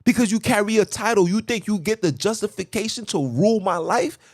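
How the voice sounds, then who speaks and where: Agitated high-voiced man ranting in a car. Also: fairly quick, no room sound, studio quality. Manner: fervent, preachy, repetitive. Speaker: podcast host. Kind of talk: impassioned rant.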